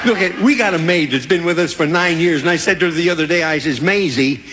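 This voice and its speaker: A man's voice: on the high side, quick pace. An older man doing live stand-up comedy, rambling, repeating his lines and chuckling at his own jokes. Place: theater stage before a live audience. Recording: loud crowd laughter and hiss.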